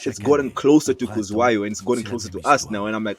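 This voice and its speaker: A man telling a personal childhood story in a casual, lively way, acting out voices as he goes. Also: on the low side, fairly quick, few pauses. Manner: lively, acts out voices in his anecdotes. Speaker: storyteller, animator. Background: background music.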